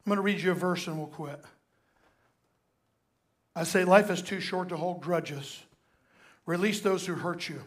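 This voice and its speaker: An older man, a pastor and grandfather, preaching a sermon and telling stories, swinging from hushed to loud and emphatic. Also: high voice, unhurried, pauses often.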